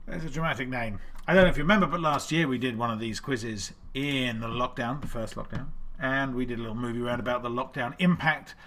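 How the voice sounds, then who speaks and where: Man, quiz host, chatty, self-deprecating, bright forceful voice. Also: medium pitch, quick pace. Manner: chatty and self-deprecating, greets viewers by name. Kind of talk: live-stream chat.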